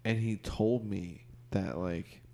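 A man chatting casually on a podcast in a low, dark voice with a gravelly rasp. He is laid-back and loose, dropping "dude" and "like" all through his talk. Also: takes it slowly. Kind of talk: casual chat.

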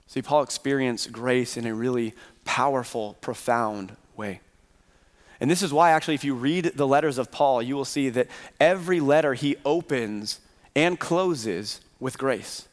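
A man's voice: medium pitch, normal speed. A man preaching a Sunday sermon as pastor, earnestly posing rhetorical questions to his congregation. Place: church sanctuary. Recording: reverberant hall.

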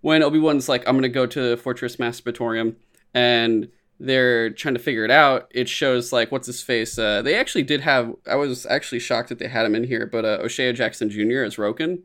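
A man talking loosely in a relaxed podcast chat, his voice sitting at a middling pitch. He rambles and jokes, with plenty of likes and ums along the way. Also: fairly quick, few pauses. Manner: rambling, joking, lots of fillers. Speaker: podcast co-host. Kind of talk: casual chat reviewing a show.

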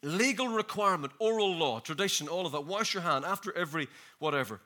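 Laughing jet-lagged preacher. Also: male voice, high-pitched, quick pace. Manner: jokey, laughing, energetic, talks to the crowd. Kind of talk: lively sermon.

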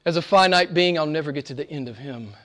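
A man preaching a sermon as pastor, conversational with chuckled asides, dropping to hushed whispers and rising to loud emphatic peaks. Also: on the high side, quick pace.

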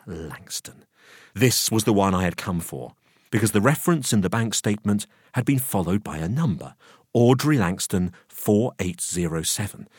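A man narrating a first-person tale in an expressive, animated storytelling manner. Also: fairly low pitch, slightly rough, no echo, clean studio sound. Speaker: audiobook narrator.

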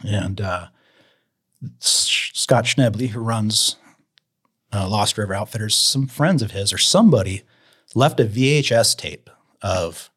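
A low-pitched man with a husky edge to his voice tells fishing stories in a relaxed, chatty way. He is from Idaho and slips into lively voices when he quotes people. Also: a little slow, long pauses. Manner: animated storyteller acting out quotes. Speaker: guest fishing author. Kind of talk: casual storytelling.

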